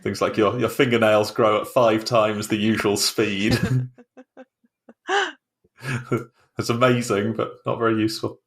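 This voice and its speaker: A man chatting casually in a film club discussion, easygoing and quick to laugh. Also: on the low side, little pitch movement, a bit bright.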